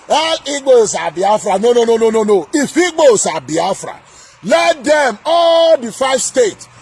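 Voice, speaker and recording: High husky man ranting. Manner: shouting, scolding, repeats himself. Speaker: political commentator. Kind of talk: angry political rant.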